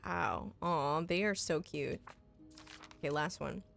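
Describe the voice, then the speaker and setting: Gravelly low-voiced woman streamer. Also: takes it slowly, a bit bright, faint music behind. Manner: reads in-game letters aloud, breaking off to react and swear. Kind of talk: casual gameplay commentary.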